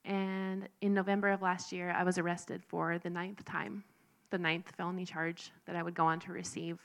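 A woman in her twenties giving a personal testimony, soft-spoken and nervous. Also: lowish voice, flat delivery, normal speed, vocal fry. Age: 20s.

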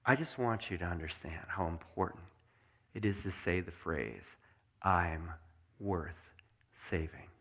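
A man preaching a sermon, earnest and intimate, sometimes dropping to a hush. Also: low-pitched, expressive, a little slow. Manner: acts out dialogue, then drops to a hushed, earnest delivery. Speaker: pastor.

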